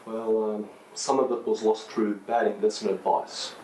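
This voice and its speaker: An actor playing a smooth-talking man who has lost his partner's money, brushing it off glibly. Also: fairly low pitch, level tone, normal speed, darkish tone, echoey room, slight background noise, close to an everyday voice. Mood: placating. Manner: glib, placating. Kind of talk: drama scene.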